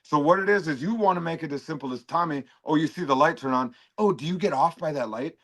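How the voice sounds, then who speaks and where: An aggressive man rants and mocks in a heated livestream argument. His voice sits a little high and he swears constantly. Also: fast, fairly bright tone. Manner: aggressive, profane, mocking. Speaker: stream guest. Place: home.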